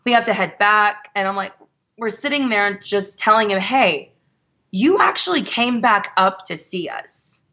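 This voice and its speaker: A woman with a bright, forceful voice tells her story in an animated way and acts out what others said. The sound is dull and lo-fi. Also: medium pitch, unhurried. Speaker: guest. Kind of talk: casual storytelling.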